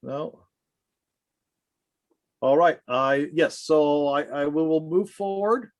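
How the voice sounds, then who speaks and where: A man chairing a commission meeting on a video call, informal and halting with many fillers. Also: a little high, no room sound.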